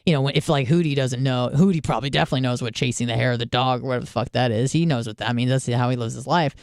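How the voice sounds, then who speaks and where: A young woman hosting a radio show talks through a rambling, self-mocking story and swears freely. Her voice is smooth and clear. The sound is dry and close, with no room around it. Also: very deep voice, rapid-fire, darkish tone, no room sound. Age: 20s. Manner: candid, profane, self-deprecating storytelling. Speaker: radio host. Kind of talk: casual monologue.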